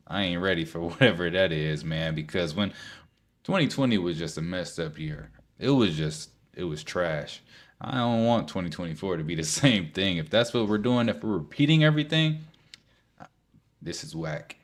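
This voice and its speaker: A man hosting a video, reacting to clips in a casual, slangy way, incredulous and chuckling between remarks. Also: low-pitched.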